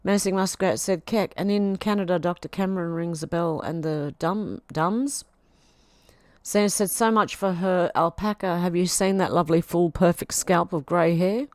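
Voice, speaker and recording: A woman's voice: lowish voice, moderate pace, dry recording. An Australian woman on a casual home live stream, reading chat comments aloud and chiding her cat between them.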